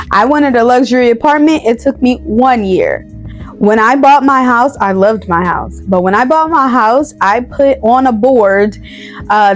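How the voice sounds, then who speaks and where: A woman in her thirties, a nurse practitioner, gives casual motivational advice to camera, stressing and repeating her key points. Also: a little high. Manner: emphatic, repeats key phrases, speaks straight to viewers.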